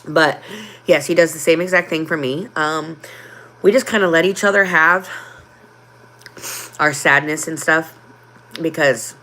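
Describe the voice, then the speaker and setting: A woman with a low voice hosts a casual livestream and talks openly from the heart. She chats with her viewers and stops often for an um or a pause. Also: fairly bright tone. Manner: heartfelt, open, with frequent ums. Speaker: livestream host.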